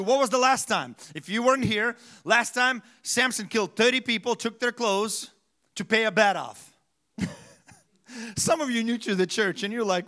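Man, pastor, sermon, chatty, asks the congregation questions, high bright voice. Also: measured pace.

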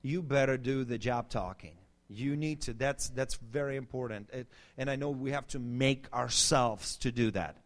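A man pastor giving lively marriage advice, often turning to the audience as guys. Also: medium pitch, normal speed, few pauses. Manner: animated preachy delivery, addresses the audience as guys. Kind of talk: marriage teaching talk with a co-host.

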